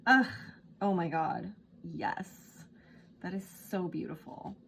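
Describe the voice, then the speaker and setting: A woman speaks slowly in a slightly low voice, reading tarot cards in a casual, gushing way, her talk full of fillers. She sounds moved close to tears. Faint ambient noise sits behind her. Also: gravelly, a bit bright. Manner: gushing, emotional, many fillers like "like" and "um". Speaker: tarot reader.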